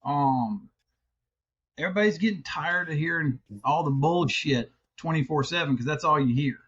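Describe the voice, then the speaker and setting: Man, middle-aged, podcast co-host, casual rambling chat, swears, slightly high voice, muffled lo-fi sound. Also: normal speed, fairly bright tone, husky. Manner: rambling, swears freely, restarts a lot.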